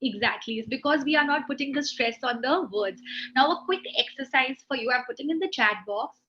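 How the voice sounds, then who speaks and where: Female tutor, high and bright, patient explainer, heard over a muffled online call. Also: fairly quick. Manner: patient, frequent "okay", explains step by step. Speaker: English speaking tutor. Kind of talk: online one-on-one speaking lesson. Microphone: video call.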